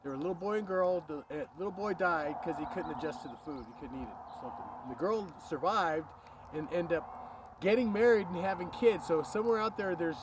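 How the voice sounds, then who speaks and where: A man telling a spooky childhood story outdoors in a rambling, animated way, swearing and breaking off for passing cars. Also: high-pitched, brisk. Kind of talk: casual outdoor storytelling to camera. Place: outdoors by a street. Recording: street traffic noise behind.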